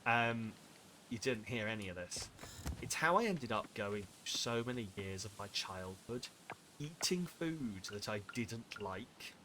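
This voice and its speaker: A man's voice: fairly low pitch, animated, unhurried, background noise. A young man streaming a farming game, chatting to his viewers in a rambling, self-mocking way. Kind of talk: casual live-stream chat while playing. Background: game music.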